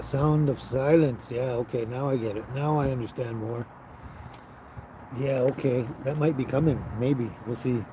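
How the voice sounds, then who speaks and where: A man hosting a casual livestream, reading and answering viewer chat in an easygoing way, often chuckling and trailing off with fillers. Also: mid-range voice. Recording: outdoor livestream with noticeable traffic noise.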